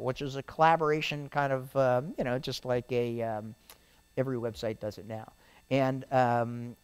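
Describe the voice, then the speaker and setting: A middle-aged man on stage as a guest speaker, telling rambling, animated stories about his career to a live audience and often tagging lines with "right?". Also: medium pitch, clear, resonant tone. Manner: animated, rambling storyteller who keeps adding "right?". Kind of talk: storytelling interview on stage. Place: event venue with a live audience.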